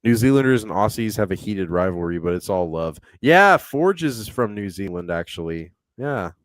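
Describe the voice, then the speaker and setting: A man's voice: on the low side, very animated, moderate pace, no room sound. A young man co-hosting a casual podcast, rambling, laughing often and reading viewer comments aloud. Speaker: podcast co-host reading chat.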